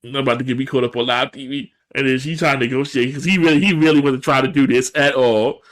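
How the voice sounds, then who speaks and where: A man's voice: medium pitch, quick pace. A man co-hosting a podcast, casually recapping a TV episode and acting out the characters' lines in jumping voices. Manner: animated, acts out characters' lines in shifting voices. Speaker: podcast co-host.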